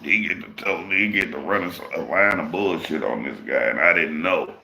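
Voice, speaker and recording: A man's voice: low voice, brisk, vocal fry, pushed and bright. A man hosting a livestream, telling a rambling, profane work story in casual talk. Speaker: livestream host.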